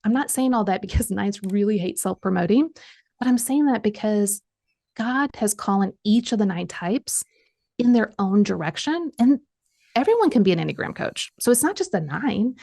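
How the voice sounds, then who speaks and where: A middle-aged woman guest on a podcast recounts a personal story. Her voice is gravelly, with a lot of vocal fry, and she brings each quoted voice to life with animation. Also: mid-range voice, mellow. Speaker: guest coach.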